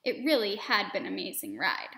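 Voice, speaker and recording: A woman reading a children's story aloud expressively, pausing to explain words and lessons to young listeners. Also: mid-range voice, wildly swooping pitch, sharp tone, echoey room.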